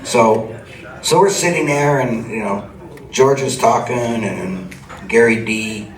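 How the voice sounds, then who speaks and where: A man's voice: medium pitch, takes it slowly, crowd noise. Older man telling stage stories. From Cleveland, USA. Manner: rambling, chuckling anecdotes. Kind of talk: storytelling to a live audience. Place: supper club stage. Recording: echoey club from a distant mic, audible ambience.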